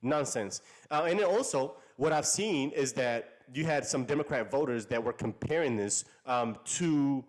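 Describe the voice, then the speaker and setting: A man's voice: medium pitch, animated, moderate pace, few pauses. A man hosting a commentary channel, talking emphatically and often repeating himself. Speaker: channel host. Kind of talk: casual commentary.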